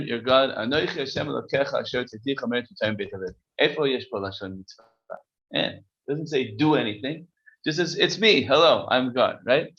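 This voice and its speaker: A man's voice: medium pitch, a bit bright, breathy edge, muffled recording. A man teaching a casual text-study class, reading Hebrew passages aloud and explaining them conversationally. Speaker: Torah teacher.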